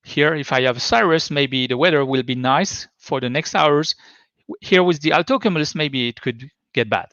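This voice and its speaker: A man's voice: fairly high pitch, moderate pace, fairly bright tone, no echo. A man giving a tech talk presentation, explaining in a hesitant, stop-start way. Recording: dull lo-fi dry sound.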